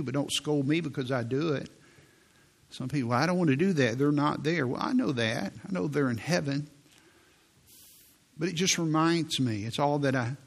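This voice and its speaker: A man preaching a sermon in a slow, deliberate way, reading scripture aloud and explaining it. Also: medium pitch, a bit bright. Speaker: pastor.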